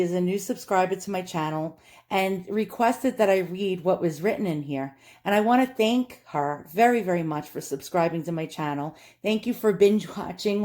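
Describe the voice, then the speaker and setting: Speaking low with a darkish tone, a New York-accented woman from Long Island talks her way through a casual vlog. Her chatter is nervous and self-deprecating, full of fillers and restarts as she rambles.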